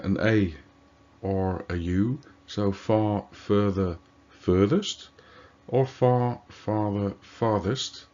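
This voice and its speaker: Teacher, male, native Dutch speaker: slow, deliberate explainer, lowish voice, dull lo-fi sound. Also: darkish tone. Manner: slow, deliberate, with fillers and self-corrections. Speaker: language teacher. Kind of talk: slow explanatory grammar lesson. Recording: dull lo-fi recording.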